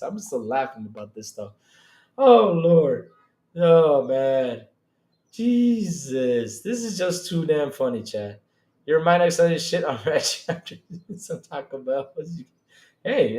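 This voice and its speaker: A man hosting a live-stream gaming podcast, loud and excitable, swearing often. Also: fairly high pitch. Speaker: podcast host. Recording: roomy echo.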